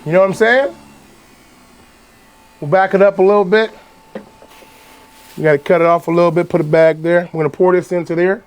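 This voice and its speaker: A vlogger with a high, clear, resonant voice speaks fairly quickly with fairly even intonation, though he leaves long pauses. He chats to the camera while making fresh juice in a casual kitchen demo, with a loud juicer sounding over his voice.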